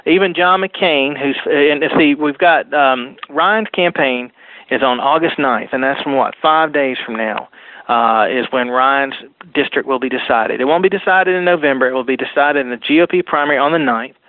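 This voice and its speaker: A man guest on a political talk radio show, calling in and talking fast and insistently in long run-on sentences. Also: medium pitch, no echo. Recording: phone line.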